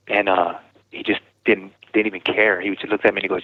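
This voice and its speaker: A man's voice: on the low side, level tone, quick pace, dry recording. A middle-aged man telling his own story in casual speech. He rambles, corrects himself and acts out what others said. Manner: rambling, self-correcting, retells dialogue. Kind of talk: personal account in casual talk. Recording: tinny phone line.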